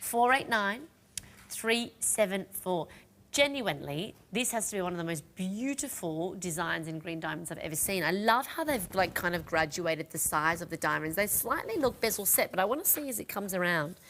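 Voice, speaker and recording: A woman's voice: on the low side, animated, normal speed, a bit bright, slight background noise. Chatty middle-aged woman selling jewellery live. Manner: chatty, rambling, talks straight to viewers. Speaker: home shopping presenter. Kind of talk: live home-shopping sales chat.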